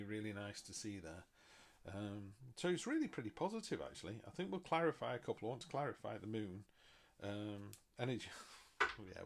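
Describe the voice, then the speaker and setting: Chatty middle-aged man, low voice. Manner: chatty, self-mocking, animated asides. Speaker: tarot reader. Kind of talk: casual tarot reading.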